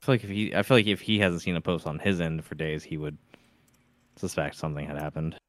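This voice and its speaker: A man with a very deep, smooth, resonant voice chats on a stream. He hedges a lot and stammers over his words. The recording is dry and close to the mic. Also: level tone, quick pace, no echo. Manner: hesitant, stammering, hedging with "I mean". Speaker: podcast co-host. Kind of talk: casual stream chat.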